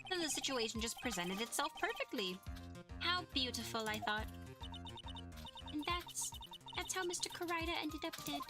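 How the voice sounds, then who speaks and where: A woman's voice: sits high, lively intonation, normal speed, pauses often, over music, voice pushed up. A woman voicing a smug, two-faced young male celebrity villain with mocking sing-song taunts in a video game. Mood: cold gloating.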